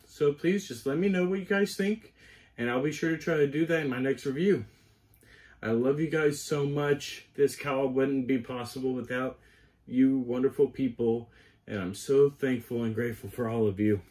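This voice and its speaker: A man reviewing a cosplay piece in a casual, gushing and excitable way, talking straight to his viewers. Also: mid-range voice, normal speed. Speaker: cosplay vlogger.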